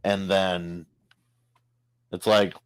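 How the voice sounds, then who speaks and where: A man with a very low, deep voice talks through a comic in a casual podcast. He gets excitable, jumping up in pitch and tripping over restarts. The sound is dry and close. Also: very slow, smooth, no room sound. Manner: excitable, jumps in with rising pitch, stumbles and restarts. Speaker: podcast co-host.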